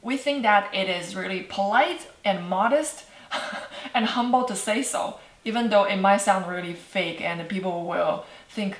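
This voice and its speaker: A woman from China with a Chinese accent, teaching a cheerful online language lesson, laughing often and repeating words slowly for practice. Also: mid-range voice, roomy sound. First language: Mandarin Chinese.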